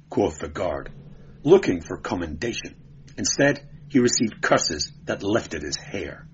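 A man narrating an adventure audiobook in a measured, dramatic storytelling manner. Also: sits low, big pitch swings, muffled recording, slight background noise. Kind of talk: audiobook reading.

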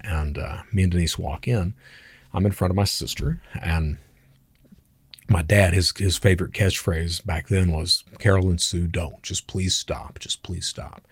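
Husky-voiced man telling a blunt story. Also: low-pitched, no echo, studio quality. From United States. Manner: candid, blunt, swears casually. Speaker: channel host. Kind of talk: personal storytelling monologue.

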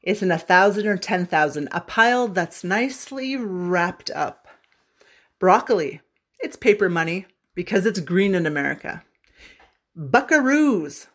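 A woman's voice: lowish voice, animated, normal speed, fairly bright tone. A woman from Canada teaching English slang on a radio show, with a playful, joking manner and bits of singing. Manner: playful, jokey, bursts into singing. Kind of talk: humorous language lesson on radio.

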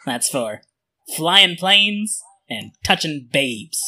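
Man voicing a swaggering businessman, brash, boastful, bright tone. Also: fairly high pitch, sing-song, drawn-out words, full character voice.

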